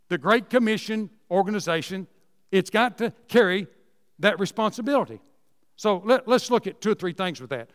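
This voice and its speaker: A man tells church stories in a folksy, repetitive way, his voice pitched high. The sound carries a long reverb, as if from a church hall. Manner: folksy storytelling, repeats words, rising emphatic asides. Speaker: Sunday school teacher and speaker. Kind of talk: folksy Southern Baptist teaching talk.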